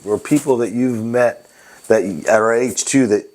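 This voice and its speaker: A man's voice: mid-range voice, normal speed, a little mellow. A man hosting a casual interview, asking short questions, echoing his guest's answers and cracking jokes. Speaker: company CEO, interview host.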